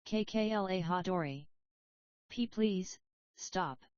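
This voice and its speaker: A woman's voice: on the low side, slow, darkish tone, no echo. A woman reading a sobbing frightened young girl. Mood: terrified. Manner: sobbing, broken speech. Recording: dry, slightly dull audio.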